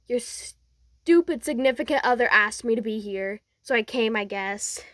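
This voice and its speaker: A woman voicing a grumpy, rude teenage boy who talks in gruff, dismissive insults. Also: fairly high pitch, unhurried, a bit bright, dry recording, clean studio sound. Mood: grudging.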